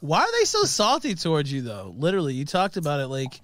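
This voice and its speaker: A man's voice: on the high side, wildly swooping pitch, fast, fairly bright tone, dry recording. Aggrieved man complaining, dry sound. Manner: aggrieved, rambling, profane. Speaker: streamer. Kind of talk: live-stream complaint.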